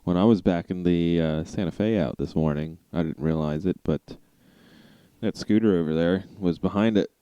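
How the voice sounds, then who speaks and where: Low dark-voiced guy rambling on a car podcast, laughs a lot, dry close sound. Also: moderate pace, clean tone, no room sound, muffled recording. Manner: laid-back, rambling storyteller who laughs often. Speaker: podcast co-host. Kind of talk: casual chat.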